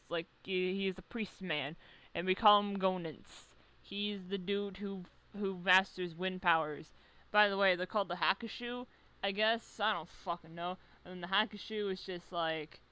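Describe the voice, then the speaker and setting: A young adult video creator with a mid-range, bright, smooth voice and a forceful tone rambles through a comic recap of a game series from memory, heavy on profanity. He often loses the thread and interrupts himself, and the recording quality is rough.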